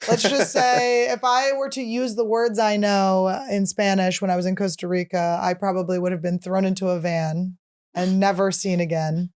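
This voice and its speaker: A woman's voice: mid-range voice, level tone, normal speed, a little mellow. A woman hosting a casual comedy podcast, joking playfully while reading sponsor ads. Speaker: podcast host.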